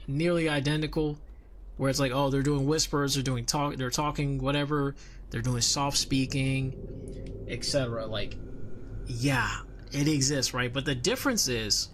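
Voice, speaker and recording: Young man, vtuber streamer, rambling casual chat, slightly high pitch. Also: fairly bright tone, slight background noise. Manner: rambling, conversational, with frequent restarts and fillers.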